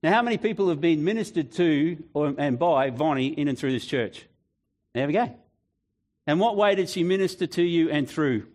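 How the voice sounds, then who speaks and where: A man's voice: on the high side, lively intonation, moderate pace, a little mellow. A man preaching a conversational sermon, telling personal stories and speaking directly to the congregation.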